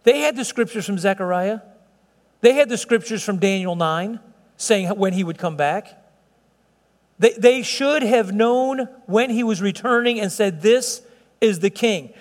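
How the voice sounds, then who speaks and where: A man with a high voice delivers a sermon, lingering on words for weight and lifting his voice as he presses a point. His voice rings out with the long reverb of a large hall. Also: lively intonation. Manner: preaching with slowed, stretched emphasis and rising intensity. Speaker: pastor.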